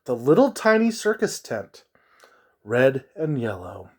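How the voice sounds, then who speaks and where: A man telling a spooky story in a slow, drawn-out, hushed dramatic delivery with a soft, husky voice. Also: mid-range voice, very animated.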